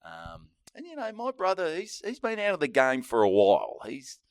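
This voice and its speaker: A man's voice: on the high side, wildly swooping pitch, moderate pace, no room sound, clean studio sound. An Australian man co-hosting a podcast, telling stories in casual, sweary chat and often laughing. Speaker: podcast co-host.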